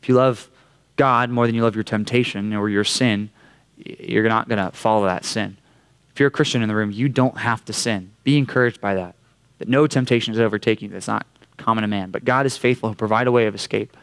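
A man preaching a sermon to a youth group, telling a story with lively acted-out quotes. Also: lowish voice, brisk, smooth. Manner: animated storyteller, acts out quotes in a raised voice. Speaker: youth pastor. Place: church youth room.

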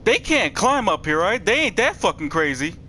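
Young man, profane and excitable gaming commentator, fairly high voice with faint background noise. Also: moderate pace. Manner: excitable, profane, yelps and shouts when startled; talks to the viewers. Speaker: gaming streamer. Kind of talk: let's play commentary.

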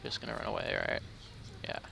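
A man's voice: fast, background noise. A young man chatting casually and teasing his friend while playing a match, with jokey mock whining. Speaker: gamer recording a match. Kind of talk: casual gameplay chat.

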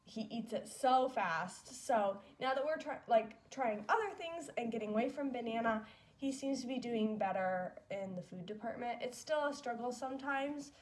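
A woman's voice: on the high side, moderate pace. A young woman vlogging as a mom, chatting fondly and casually with lots of fillers. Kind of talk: casual chat.

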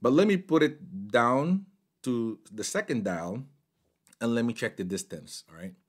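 A man's voice: mid-range voice, expressive, a little slow. A man casually reviewing microphones at his desk, chatty and mixing in phrases as he talks at varying distances from the mics. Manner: chatty, code-switching between English and Filipino phrases. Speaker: tech reviewer. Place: home desk setup. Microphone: condenser mics on desk at varying distance.

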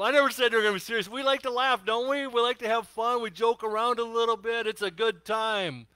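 A man's voice: high voice, pushed and bright, no echo. A middle-aged man preaching a sermon, telling jokes and laughing often in a chatty way. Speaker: pastor.

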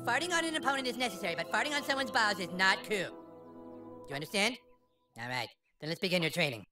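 A man's voice: high-pitched, expressive, quick pace. A bratty bossy boy wizard. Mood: instructing. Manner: bratty, commanding, crude. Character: bossy pompous boy playing a grand wizard. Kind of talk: video game voice acting. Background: game music.

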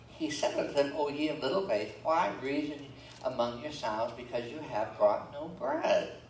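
Folksy pastor preaching in an echoey church. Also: male voice, mid-range voice. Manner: folksy, joking asides between scripture readings. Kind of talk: sermon. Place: church sanctuary. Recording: roomy church echo, from far off, faint room noise.

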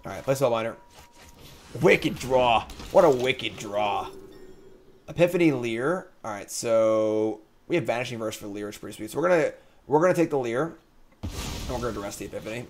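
A man with an ordinary mid-range voice hosts a card game stream, talking through his plays in loose live commentary. He thinks out loud, mutters through choices, and jokes with the chat as he goes. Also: mid-range voice, expressive, quick pace, slight background noise. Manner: thinking out loud, casual and chatty; jokey, reads chat comments aloud.

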